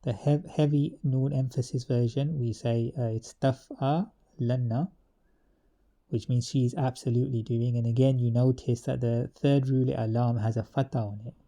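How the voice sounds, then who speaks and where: A man methodically explaining an Arabic grammar table to students, with pauses, fillers and restarts. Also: mid-range voice, level tone, creaky, dark tone. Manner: methodical, repetitive teaching.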